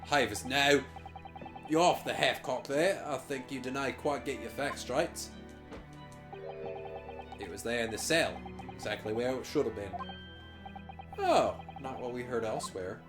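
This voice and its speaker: A man voicing a gruff, middle-aged prison warder who talks in a blustering, dismissive way over game music. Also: mid-range voice, unhurried, pauses often, close to an everyday voice.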